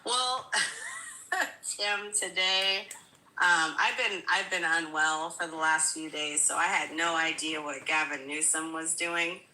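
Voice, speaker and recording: Woman guest chatting slow and emphatic, laughs a lot, tense bright voice, echoey room. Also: low-pitched, fairly even intonation. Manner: emphatic, laughing, repeats "listen". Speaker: guest commentator. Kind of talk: casual political chat.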